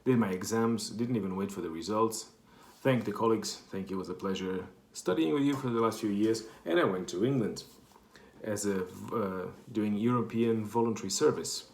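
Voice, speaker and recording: His voice is on the low side with a darkish tone, and he keeps a moderate pace. The man, from Portugal and speaking with a Portuguese accent, rambles through a casual anecdote and keeps correcting himself, all recorded in an echoey room.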